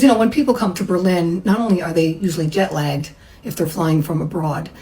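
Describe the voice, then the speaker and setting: A middle-aged woman recounts her own story in a relaxed, chatty way, with a fairly low voice. She slips into the voices of the people she quotes as she goes. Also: rough recording. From United States. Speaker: massage therapist. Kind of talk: personal storytelling.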